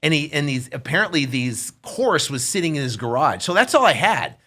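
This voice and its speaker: A man's voice: on the high side, fairly quick. A man in his fifties, a podcast guest, telling a story in casual chat and acting out the voices of the people in it. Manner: animated, acts out voices in his stories.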